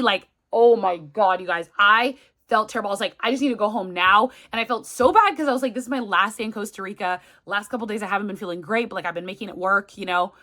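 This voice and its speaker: Thirties woman, casual story-time vlogger, bright voice of medium pitch, sounds feverish and worn down. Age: 30s. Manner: chatty, retelling with quoted asides. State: sick and feverish. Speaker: travel vlogger.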